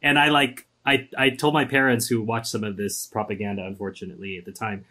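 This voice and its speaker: Animated American man guest. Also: on the low side, brisk. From United States. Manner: animated, emphatic, wry. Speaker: podcast guest. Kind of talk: casual interview chat.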